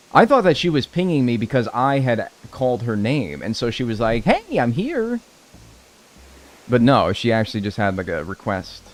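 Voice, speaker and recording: A man streaming gameplay live, chatting casually with his viewers, joking and swearing freely. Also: mid-range voice. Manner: talks to chat and thanks subscribers. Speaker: game streamer.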